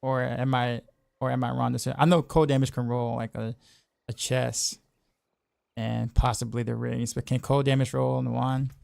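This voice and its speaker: A man streaming a game chats through his choices, repeating words and trailing off easily. His mid-pitched voice has a heavy gravel to it, recorded dry and close. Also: flat delivery, moderate pace, darkish tone, no echo. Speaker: game streamer and music teacher. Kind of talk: casual gameplay commentary.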